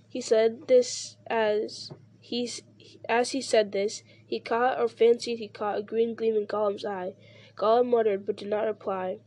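A woman reading a novel aloud at a steady pace, with occasional slips and restarts. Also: a little high, measured pace. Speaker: reader.

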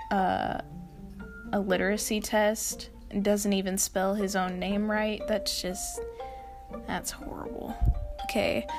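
Chatty young woman over faint music. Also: medium pitch. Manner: chatty, laughing, exasperated asides. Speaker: video host. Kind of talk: scripted casual commentary.

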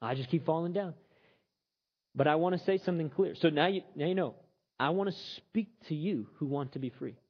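A man preaching a sermon in a conversational, animated way, slipping into characters to tell stories. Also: on the high side, fast, breathy edge. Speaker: pastor. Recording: slightly muffled recording.

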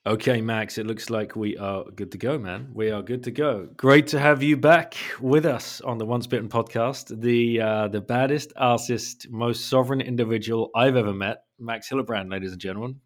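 A man's voice: mid-range voice, fairly even intonation, normal speed, hardly any pauses. A man hosting a podcast, chatting casually in an enthusiastic, rambling way. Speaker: podcast host. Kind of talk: casual chat.

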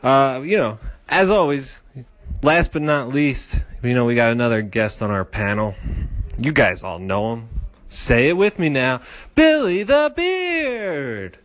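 A young male podcast host who talks slowly, his pitch swinging widely as he jokes. He teases his guest with dry one-liners and throws in mock announcer bits. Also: animated, fairly bright tone. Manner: dry teasing remarks, playful announcer bits. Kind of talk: casual comedic banter.

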